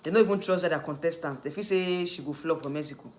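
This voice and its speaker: A man's voice: on the high side, fast talker, a little hiss or hum. A man with a Nigerian accent hosting a casual livestream, rambling and repeating himself, slipping in and out of Nigerian Pidgin. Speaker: YouTube host.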